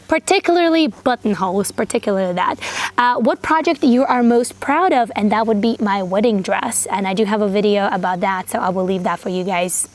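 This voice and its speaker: A woman of thirty hosting a sewing channel, with a high, unusual voice that some call squeaky, chatting earnestly with lots of fillers and restarts. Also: animated, normal speed. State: voice getting tired and groggy. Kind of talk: casual chat to camera.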